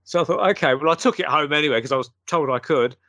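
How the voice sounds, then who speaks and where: A man, a guest, telling a long anecdote in a casual, animated way and acting out the quotes. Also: a little high, fast, no room sound.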